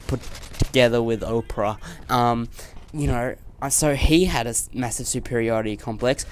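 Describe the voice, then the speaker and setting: An Australian man rants over gameplay in a loose, rambling way, swearing and restarting his sentences. His voice sits at an ordinary middle pitch, and a faint hum of noise runs under it. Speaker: gaming commentator. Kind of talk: rambling ranting commentary.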